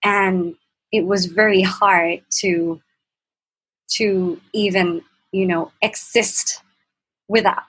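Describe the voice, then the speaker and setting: A woman's voice: medium pitch, fairly even intonation, fairly bright tone, breathy edge, rough recording. A woman guest speaking casually, recounting a personal story with many restarts and acting out what was said. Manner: halting, many restarts, acts out quoted exchanges. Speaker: program participant, guest.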